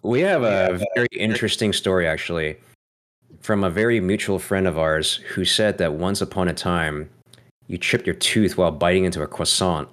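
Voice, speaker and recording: A man's voice: deep voice, normal speed, a bit bright. A man hosting a podcast, asking playful questions and laughing often in a casual chat. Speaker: podcast host.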